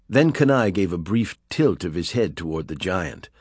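Low-voiced man narrating an audiobook. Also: expressive, moderate pace, few pauses, darkish tone, slightly rough, no echo, studio quality. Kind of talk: scripted narration.

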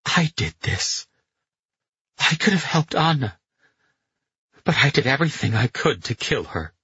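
A man voicing a young Italian man, accusing and shouting, then sick with guilt. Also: mid-range voice, sing-song, a little slow, slightly rough, dry recording, lo-fi sound, pitched above the performer's own voice, heavily acted. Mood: anguished.

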